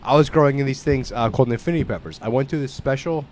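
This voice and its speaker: A man telling a story in casual chat, swearing, restarting his sentences and getting louder as he goes. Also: mid-range voice, quick pace, a little hiss or hum. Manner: loud, profane storytelling with frequent restarts.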